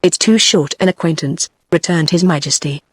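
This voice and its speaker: A woman's voice: lowish voice, moderate pace, no echo, natural voice. A text-to-speech woman's voice with a British English accent reading the lines of a vain, pompous male fox king in a storybook. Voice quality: even synthetic read-out.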